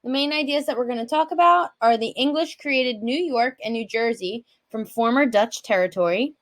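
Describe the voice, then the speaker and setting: A woman co-teacher reads out the lesson's main ideas in a clear, steady voice. Her pitch sits a little high. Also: normal speed.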